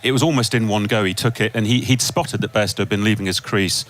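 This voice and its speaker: A man's voice: fairly low pitch, fast talker, a bit bright. A man, a cricket magazine editor, explaining a rule on a panel in an anecdotal way. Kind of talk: casual panel chat.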